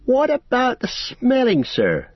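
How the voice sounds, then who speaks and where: A loyal, humble hobbit servant speaks up in a husky, raised voice, deferential and rustic, as a male audiobook reader puts him on. The storybook reading is dull and dry. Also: very high-pitched, huge pitch swings, slow pace, dry recording, voice pushed up, heavily acted. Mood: earnest. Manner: deferential, rustic speech with frequent "sir". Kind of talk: audiobook character voice.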